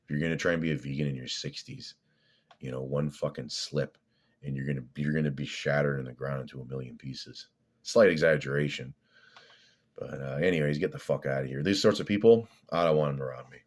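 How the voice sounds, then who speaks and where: Blunt and full of swearing, this fitness vlogger talks fairly quickly in an extremely deep voice. His vlog monologue is loose and rambling, hopping between thoughts and padded with filler words.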